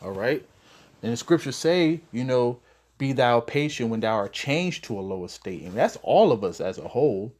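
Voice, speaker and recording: A man of middle pitch gives a casual scripture lesson, reading each verse aloud and then unpacking it in plain, conversational talk. His delivery is relaxed and unpolished, full of fillers, with a mild curse now and then. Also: normal speed. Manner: loose and conversational, with mild swearing and many fillers. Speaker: Bible teacher.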